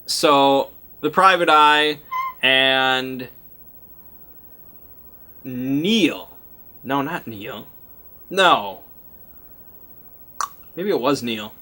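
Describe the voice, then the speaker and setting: A man's voice: mid-range voice, lively intonation, extremely slow, long pauses, bright, forceful tone. A man recapping a tabletop game session as its game master, rambling and often stopping to hunt for names. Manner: rambling and self-interrupting, often loses track of names. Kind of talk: casual storytelling recap.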